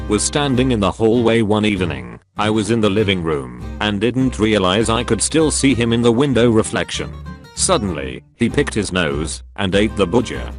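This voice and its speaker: A man narrating online posts in an even, matter-of-fact scripted reading. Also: fairly low pitch. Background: faint guitar music.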